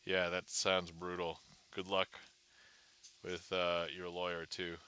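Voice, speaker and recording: A man's voice: deep voice, completely flat delivery, slow, sharp tone, clean tone. A man hosting a casual magic livestream, chatting with viewers and reading their messages aloud. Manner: chatty, greets viewers and reads chat aloud.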